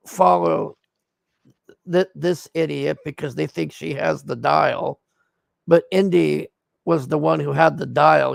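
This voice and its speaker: A man's voice: a little high, vocal fry, dry recording. A man giving a casual, profane movie recap on a livestream, blunt and exasperated. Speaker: streamer reviewing a movie.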